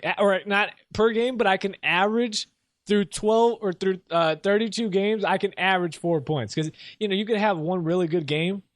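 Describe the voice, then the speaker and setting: A man's voice: high-pitched, fairly bright tone, no room sound, studio quality. A young man hosting a solo sports show, rambling casually and mocking himself as he rants. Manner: casual, rambling, self-mocking, laughs often. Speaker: sports podcast host.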